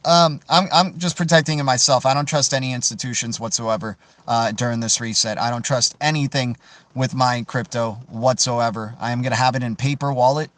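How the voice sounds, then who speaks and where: A man hosting a casual crypto livestream, answering viewer questions in an animated, emphatic way and tossing in "dude" and "man". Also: mid-range voice, a little fast, dry recording. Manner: animated, peppers speech with "right?", "dude" and "man"; emphatic, swears mildly for emphasis.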